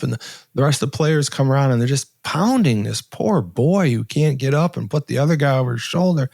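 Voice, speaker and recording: A man in his sixties, a podcast guest, telling a personal story in an earnest, halting way with many restarts and pauses. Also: medium pitch, animated, creaky, darkish tone, breathy edge, no echo, clean studio sound. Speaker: podcast guest, author and entrepreneur.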